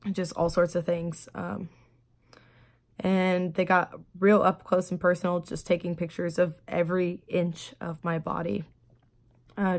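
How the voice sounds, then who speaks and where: A woman telling her story in a personal video diary, speaking quietly and haltingly, with many pauses and fillers. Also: fairly low pitch. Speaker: vlogger.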